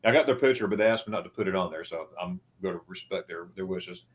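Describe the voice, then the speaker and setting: A man's voice: sits low, quick pace. A man hosting a travel livestream, chatting casually and rambling through anecdotes over a video call. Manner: rambling storyteller, acts out quoted voices. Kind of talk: casual chat.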